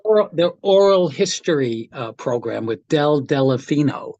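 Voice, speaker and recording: A man telling animated stories in a casual interview, acting out the quotes as he goes. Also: on the high side, normal speed, highs cut off. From New York area. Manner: animated anecdote teller, acts out quotes. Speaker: guest, guitar tech.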